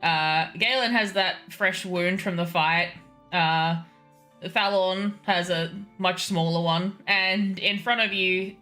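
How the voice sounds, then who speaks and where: A woman's voice: on the low side, pushed and bright. A woman running a tabletop game on stream as game master, chatty and giggly, switching between casual asides and narration.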